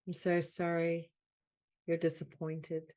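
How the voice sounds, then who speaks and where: Low, mellow-voiced woman guiding a healing call. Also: monotone. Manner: slow, repetitive soothing phrases. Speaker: soul mentor leading a group call. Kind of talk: guided healing session. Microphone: video call.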